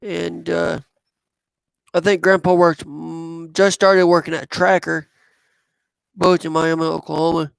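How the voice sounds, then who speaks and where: A man, telling a personal story in a rambling, halting way. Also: fairly high pitch, level tone, gravelly, clear, resonant tone, no echo. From southwest Missouri. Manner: rambling, halting, with many fillers. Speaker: vlogger.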